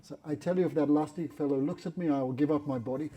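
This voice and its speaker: A man voicing a proud, prim high-class woman healer who talks down on others. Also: steady tone, fast talker, dark tone, slightly rough. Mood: haughty. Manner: boastful, scornful talk about low-class people.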